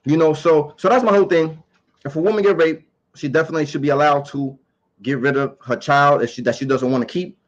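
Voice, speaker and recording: A man's voice: a little high, steady tone, fast talker, dull audio. A man giving his opinions in a casual monologue to camera. He talks emphatically, repeats his points and asks rhetorical questions.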